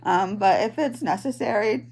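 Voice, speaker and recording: A woman in her thirties talking in a personal video diary from home, halting and tearful, with many pauses and ums. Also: medium pitch, creaky, a little mellow, husky. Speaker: vlogger, patient. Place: at home, in bed.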